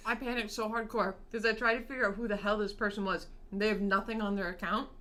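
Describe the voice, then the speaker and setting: A young woman co-hosting a podcast, telling animated stories in a casual chat, acting out what others said and laughing often. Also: mid-range voice, fast. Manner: animated storyteller who acts out quotes and laughs a lot. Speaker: podcast co-host.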